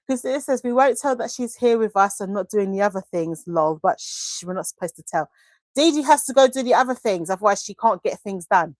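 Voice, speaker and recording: A woman's voice: mid-range voice, lively intonation, fairly quick, darkish tone, no echo, studio quality. A woman hosting a live craft stream, chatting casually and gushing affectionately as she reads viewer comments aloud into a desk microphone. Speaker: craft livestream host.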